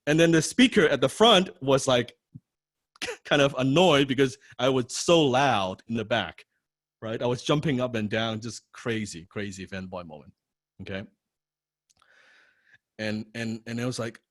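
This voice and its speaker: A man teaching a copywriting course, telling a personal story in an animated, profane way, often repeating words and tagging lines with "right?". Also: medium pitch, moderate pace, no room sound, clean studio sound. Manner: frequent rhetorical "right?". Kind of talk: personal story told in a lecture.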